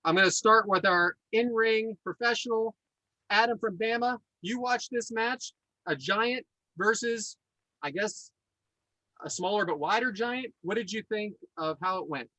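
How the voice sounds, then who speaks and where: Man, podcast host, high bright voice, joking, dry close sound. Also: a little slow, no echo, poor audio. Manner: enthusiastic, laughing, joking. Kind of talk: casual chat.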